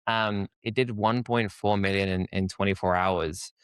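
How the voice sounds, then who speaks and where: A man's voice: deep voice, fairly even intonation, normal speed, a bit bright, clear, resonant tone, no room sound. London-accented man telling a story. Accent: London English. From England. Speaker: guest, co-founder. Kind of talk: casual podcast conversation.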